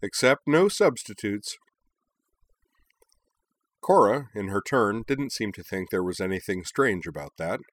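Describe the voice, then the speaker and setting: A male narrator with a very deep voice, reading a fantasy tale in a measured, even way. The sound is dry and close, with no room around it. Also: dry recording. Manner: measured, storytelling. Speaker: audiobook narrator. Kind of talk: scripted narration.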